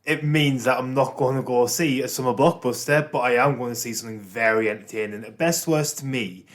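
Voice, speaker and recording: A man's voice: medium pitch, fairly quick. A man from County Durham with a North East English accent, chatting casually on a podcast, dry and matter-of-fact. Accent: North East England. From County Durham, England. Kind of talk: casual chat among friends.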